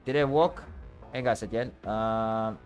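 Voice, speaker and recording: A young man streaming a game, chatting casually with viewers and exclaiming excitedly over his luck. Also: lowish voice, measured pace, faint music behind. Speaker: VTuber streamer. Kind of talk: casual livestream chat while playing.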